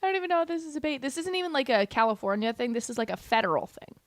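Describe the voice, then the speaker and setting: A woman's voice: sits high, lively intonation, rapid-fire, no room sound, studio quality. Blunt, heated young woman. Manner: blunt, heated, sarcastic, insulting. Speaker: political commentary host. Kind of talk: livestream commentary reacting to clips.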